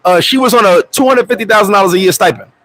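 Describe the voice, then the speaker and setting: A man hosting a casual livestream, telling stories in a profane, animated way, with loud outbursts, and answering viewer comments. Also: sits high, fast talker, rough recording. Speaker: livestream host.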